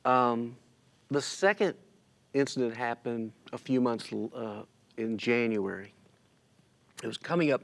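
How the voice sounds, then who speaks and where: His voice mid-range and gravelly, a man speaks a little slowly with long pauses while recounting a loss in an informal church interview. He is emotional and in tears, quoting himself and others, on a church stream recording.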